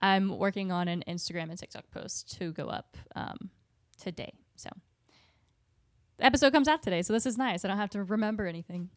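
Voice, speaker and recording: A woman's voice: mid-range voice, lively intonation, a little fast, no room sound, clean studio sound. A woman co-hosting a podcast and plugging her novels, chatting casually in a giggly, scatterbrained way. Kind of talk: casual chat.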